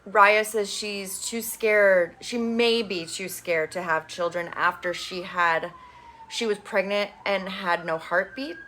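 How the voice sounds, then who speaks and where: A woman hosts a casual recap of a reality dating show, with a bright, forceful voice. She talks in a chatty, opinionated way and swears casually as she goes. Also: mid-range voice, steady tone, slow, slight background noise.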